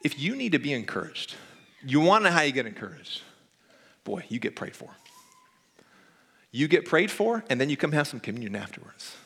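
A man's voice: fairly high pitch, big pitch swings, fairly quick, long pauses, a bit bright, breathy edge. A male pastor giving a conversational sermon that builds to emphatic preaching, often tagging "right?". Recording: reverberant church hall.

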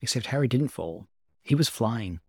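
A man reading a story aloud as an amateur narrator, calm and even. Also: mid-range voice, normal speed, breathy edge, dry recording, clean studio sound. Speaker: amateur reader. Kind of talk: audiobook narration of fan fiction.

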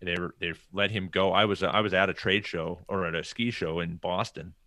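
Middle-aged American man, low voice, casual animated storytelling, dry close sound. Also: normal speed, no room sound. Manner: animated storyteller acting out quoted dialogue. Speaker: podcast guest.

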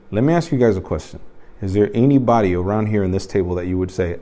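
Low-voiced youth pastor telling stories. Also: male voice, fast, warm tone. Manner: conversational storytelling with direct questions. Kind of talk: informal teaching to a small group. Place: room around a table.

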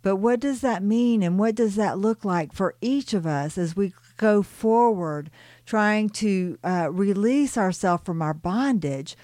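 A woman reading a channeled spiritual story aloud and adding her own reflective, soft-spoken commentary with light laughs. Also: medium pitch, expressive, unhurried, dry recording, studio quality.

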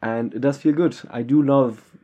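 A man from Germany with a German accent, co-hosting a podcast in casual, halting chat. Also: medium pitch, fairly even intonation, husky, muffled recording. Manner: chatty, halting, with restarts. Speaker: podcast co-host.

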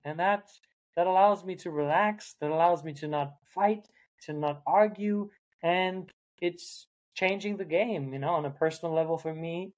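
A man with a fairly high voice hosting a podcast conversation. He sounds reflective and earnest and often thinks aloud. He tends to add short asides as he speaks. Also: poor audio.

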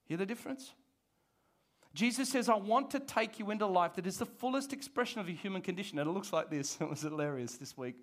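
A pastor, preaching a sermon to his church in an animated, conversational way. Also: high-pitched, brisk. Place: church service.

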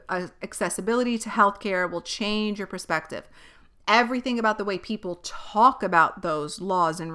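A woman's voice: lowish voice, pushed and bright, clean tone. A young woman podcast host speaking candidly and bluntly, with frequent swearing and emphatic delivery. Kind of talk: candid personal monologue.

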